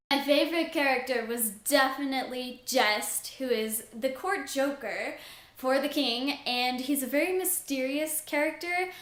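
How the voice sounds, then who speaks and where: A young woman chats through a casual book review vlog, gushing and excitable with lots of "like". Her voice sits high and bright. She takes her time, and the room around her rings with echo. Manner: gushing, excitable, says "like" often.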